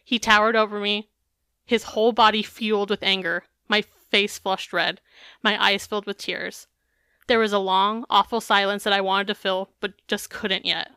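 A woman hosting a podcast, her voice bright and crisp. She reads a memoir excerpt aloud, then drifts into loose, candid chat full of fillers and the odd curse. The sound is dry and close. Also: medium pitch, fairly even intonation, normal speed, no echo. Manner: candid, swears freely, filler-heavy. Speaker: podcast co-host.

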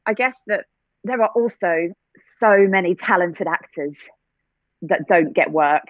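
A woman's voice: on the low side, unhurried, no room sound. A woman from England, an actor, answering interview questions reflectively with frequent restarts. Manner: reflective, many restarts and fillers, light laughs. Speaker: actor and theatre-maker. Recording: dry, phone-like line.

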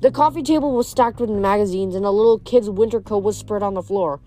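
A woman reading a novel aloud, steady and expressive. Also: medium pitch, a little fast. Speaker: reader. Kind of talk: audiobook narration.

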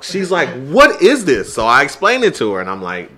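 A man with a slightly high, bright voice spins a profane, animated story in casual chat, jumping between his own narration and his acted-out reactions. His pitch swings widely. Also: normal speed.

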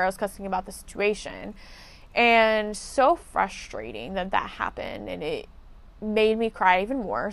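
A woman's voice: medium pitch, a bit bright. A woman telling a casual story as a podcast host, blunt and profane as she vents her frustration.

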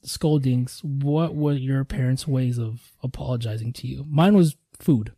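A man co-hosting a casual podcast chat. His voice is mellow and a little dark, with a dry, close sound. He tells stories in a laid-back way and swears freely. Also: mid-range voice, unhurried, no echo. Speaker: podcast co-host.

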